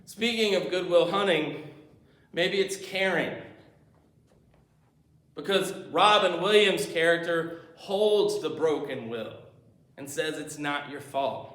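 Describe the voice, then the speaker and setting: A man's voice: a little high, slow, long pauses, a bit bright. A male pastor preaching a sermon in a church, telling stories and acting out movie scenes as he goes. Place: church sanctuary. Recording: echoey church room.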